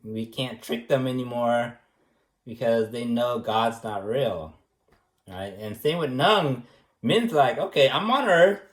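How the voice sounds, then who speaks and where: A man giving a rambling, joking recommendation speech as an art teacher, teasing in a deadpan way and tagging his points with questions. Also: mid-range voice, takes it slowly. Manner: teasing, deadpan, many fillers and tag questions. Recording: echoey room.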